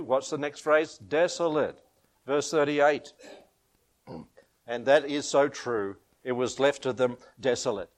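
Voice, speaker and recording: A man's voice: mid-range voice, animated, a little slow. A man preaching a sermon, chuckling often and rising and falling for emphasis.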